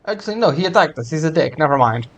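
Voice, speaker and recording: A man's voice: on the high side, expressive, very fast. A man reading a video game's story aloud, adding chatty, wry comments. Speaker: game streamer reading aloud. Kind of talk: reading game text with casual asides.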